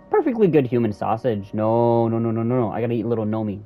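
A young man giving let's-play commentary, swinging between low mumbles and sudden high yelps. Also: fairly quick, few pauses, lo-fi sound. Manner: animated, swings from mumbling to yelping. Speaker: gaming YouTuber. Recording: faint game music behind.

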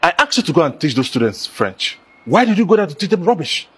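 A man's voice: a little high, sing-song, fast, very noisy. A man doing a stern scolding principal. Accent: Nigerian. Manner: scolding, demanding. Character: stern male school principal. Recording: music playing behind.

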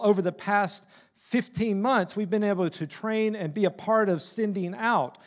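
A man preaching a sermon in a church as a missionary, with an excitable, emphatic delivery. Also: high voice. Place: church sanctuary.

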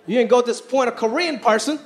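A man with an extremely high, fast voice performs stand-up in a large theater, chatting with punchy timing and exaggerated impressions. The live stage recording captures a loud crowd laughing and applauding, with slight background noise.

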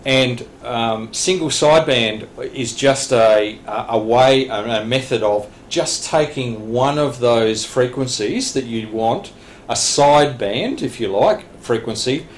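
A man teaching a radio licence class, explaining plainly with frequent restarts and small laughs. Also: mid-range voice. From Australia. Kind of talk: classroom lecture. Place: training room. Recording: echoey room, faint background hiss.

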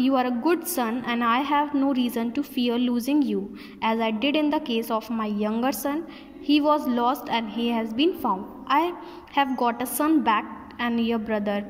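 A woman's voice: on the high side, moderate pace, natural voice. A forgiving old father, read by a woman. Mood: gentle. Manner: plain read-aloud tone. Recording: long hall reverb.

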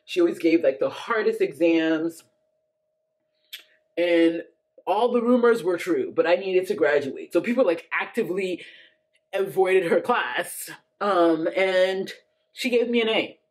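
A woman's voice: on the low side, a little slow, a little mellow. A woman in her thirties telling a personal story to camera in a chatty, casual way, full of fillers and frequent laughs. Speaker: vlogger.

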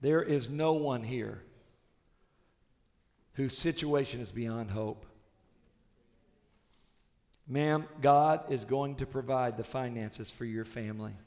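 A male pastor preaching a sermon with passion, swinging between shouted declarations and hushed, intimate tones. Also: mid-range voice, takes it slowly, long pauses, long reverb tail.

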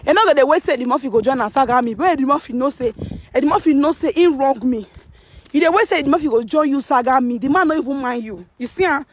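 A woman's voice: high-pitched, animated, fast talker. A woman with a Nigerian Pidgin accent, ranting heatedly on a live stream from her phone out on the street, repeating herself as she goes. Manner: heated, repetitive, confrontational. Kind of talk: casual live-stream rant. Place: outdoors on a street.

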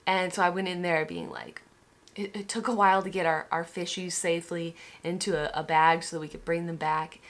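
Candid young woman vlogging, low-ish voice. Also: lively intonation, brisk. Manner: candid, swears, many restarts and "like". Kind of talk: emotional personal story vlog.

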